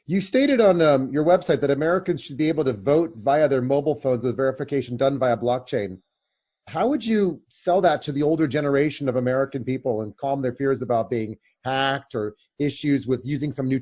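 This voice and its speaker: A man's voice: medium pitch, mellow. A man co-hosting an interview, asking long, rambling questions full of hesitations. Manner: rambling, hesitant questions with many fillers and restarts. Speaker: podcast co-host interviewer. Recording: dull lo-fi audio.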